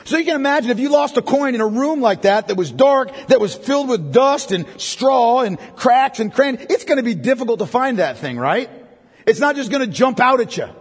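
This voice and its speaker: A man's voice: extremely high pitch, animated, a little fast, husky. A man preaching a sermon as pastor, talking conversationally and tossing in frequent tag questions to the congregation. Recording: long hall reverb.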